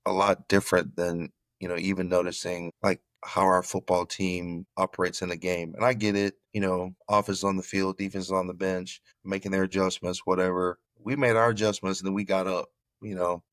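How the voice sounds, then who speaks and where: A middle-aged man from Florida, a former football player, telling his story in an interview with animated, repeated phrases. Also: sits low, moderate pace, hardly any pauses, no echo.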